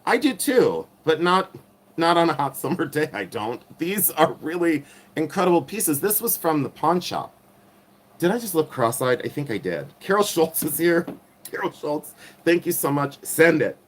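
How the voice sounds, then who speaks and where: A man's voice: on the high side, very animated, normal speed. A middle-aged man with a nasal voice hosting a casual jewelry livestream, rambling and teasing himself while reading chat aloud. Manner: rambling, self-mocking, reads chat aloud. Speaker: livestream host reselling vintage jewelry.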